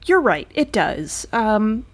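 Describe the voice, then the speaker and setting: A woman's voice: mid-range voice, sing-song, slow pace, no echo, clean studio sound. A woman playing a tabletop role-playing game in character, playful and giggly. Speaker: player.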